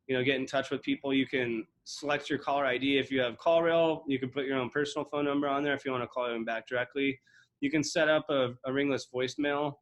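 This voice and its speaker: Brief: man, mid pitch, casual software demo host, filler-heavy and rambling. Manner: rambling, many fillers and restarts. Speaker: real estate investor demoing software. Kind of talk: casual screen-share walkthrough.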